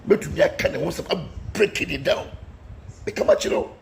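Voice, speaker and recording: A man's voice: fairly high pitch, animated, brisk, creaky, slight background noise. A man delivering a heated political rant, combative and scolding, repeating warnings at his critics. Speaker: political commentator.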